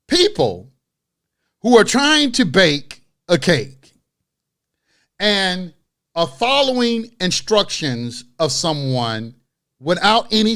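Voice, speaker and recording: A man's voice: on the high side, fairly bright tone. A man talking straight to his camera, telling a story and then ranting bluntly and profanely in street talk about people who follow instructions they don't understand. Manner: storytelling with rising exasperation. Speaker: online video host. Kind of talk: unscripted rant to camera.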